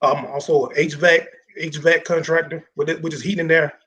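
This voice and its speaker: A man's voice: a little high, flat delivery, brisk, fairly bright tone, low-quality recording. A man who works as a general contractor, explaining his work plainly on a panel. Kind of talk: panel conversation.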